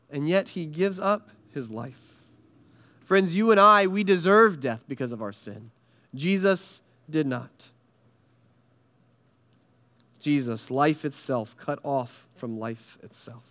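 Earnest high-voiced male preacher. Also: smooth. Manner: earnest preaching with dramatic pauses, dropping soft and low for weight. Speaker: pastor. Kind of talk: sermon.

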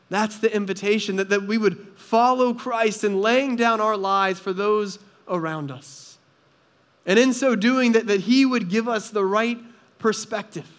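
A man's voice: sits high, fairly bright tone. A man preaching a sermon in an earnest, conversational way, often asking the listeners rhetorical questions. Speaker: pastor.

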